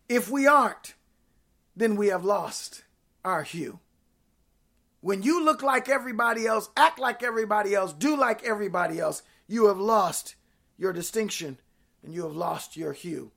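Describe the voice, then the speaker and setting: With a medium-pitched, expressive voice edged with vocal fry, a woman preaches a little slowly, her repeated phrases building rhythmically to shouts and then dropping to near whispers.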